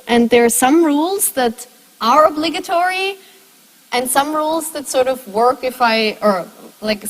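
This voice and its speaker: High, breathy woman lecturing. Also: long reverb tail, low-quality recording. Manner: explains step by step and asks the class questions. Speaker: university lecturer. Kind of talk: lecture to a class.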